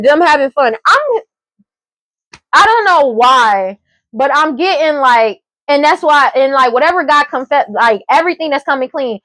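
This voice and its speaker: A woman's voice: high-pitched, a bit bright, dry recording. A woman giving a casual tarot reading, talking emphatically and repetitively with a lot of profanity and frequent laughs. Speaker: tarot reader.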